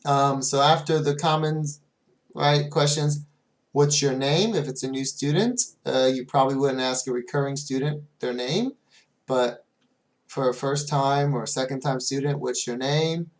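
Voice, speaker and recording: Speaking at a medium pitch with a steady tone, an online English teacher gives fellow teachers laid-back advice. He fills gaps with fillers and drops to a much slower pace whenever he demonstrates a phrase.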